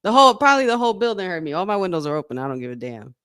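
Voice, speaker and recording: A woman hosting a live wrestling watch-along from her room at home, excitable and swearing as she talks to her chat. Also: on the low side, rapid-fire, clean tone. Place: room at home with windows open.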